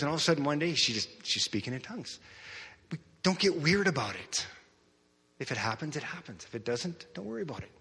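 A man's voice: medium pitch, fairly bright tone. A middle-aged man, a pastor, preaching a sermon in a conversational storytelling way. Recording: long hall reverb.

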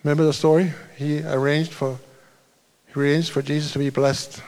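A male pastor delivers a sermon in an informal, storytelling way, circling back and correcting himself as he goes. His speaking voice sits a little higher than most men's. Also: level tone, normal speed, a little mellow. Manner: loose storytelling, restarts and asides.

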